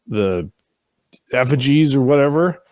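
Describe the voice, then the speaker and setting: A man's voice: medium pitch, animated, measured pace, a little mellow, no echo, clean studio sound. A man co-hosting a casual show recap, retelling scenes with mocking voices and casual swearing. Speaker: podcast co-host.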